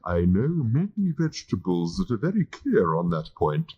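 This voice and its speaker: A mellow, courteous bovine creature, as a man puts it on, offering itself up with slow, obliging politeness. The voice stays low and husky, and the old lo-fi tape sounds dull. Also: huge pitch swings, exaggerated voice. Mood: coaxing. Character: genteel bovine creature bred to be eaten, courteous.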